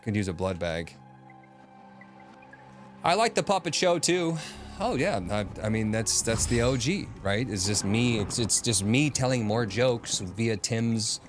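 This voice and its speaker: A man's voice: medium pitch, animated, unhurried. A man streaming a video game, chatting casually, thinking aloud and answering his chat. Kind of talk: casual gaming commentary. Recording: game music playing behind.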